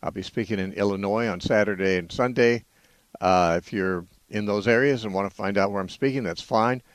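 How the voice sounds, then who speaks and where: A man hosts a call-in radio show from a studio microphone, with a lowish voice and a close, dry sound. He rambles a little and hesitates often, filling gaps with "uh.". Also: fairly quick, dry recording. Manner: rambling, hesitant, many uhs. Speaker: radio host.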